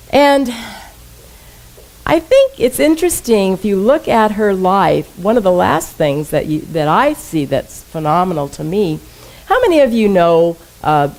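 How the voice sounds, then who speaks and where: A woman's voice: fairly low pitch, darkish tone, rough recording. Woman minister, conversational sermon voice, engages congregation with questions. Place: church sanctuary.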